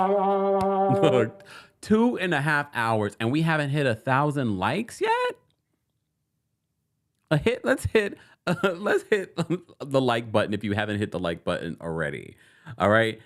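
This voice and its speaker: A man hosts a live online show, talking casually to his viewers. He laughs often, and his pitch swings widely as he talks. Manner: laughs often, lively, playful. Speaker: host. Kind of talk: live-stream chat.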